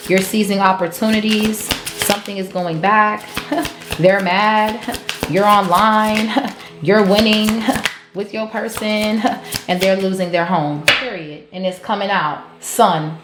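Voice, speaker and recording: A woman giving a collective tarot reading, blunt and profane, laughing often as she calls out the cards. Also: mid-range voice. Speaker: tarot reader. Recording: roomy echo with faint music.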